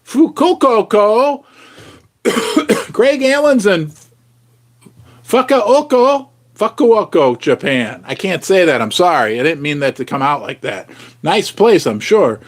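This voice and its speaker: A male host in a loose, jokey livestream chat. His voice sits high for a man and swings widely in pitch, and he stays animated while he riffs on viewer comments. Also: unhurried.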